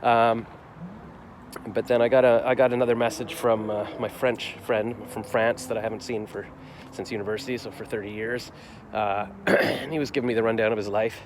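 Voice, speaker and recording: A man's voice: on the low side, fairly even intonation, normal speed. A man in his forties recapping his day in a rambling, reflective vlog, full of fillers and restarts. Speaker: vlogger. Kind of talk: casual daily vlog recap. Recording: faint street noise outdoors.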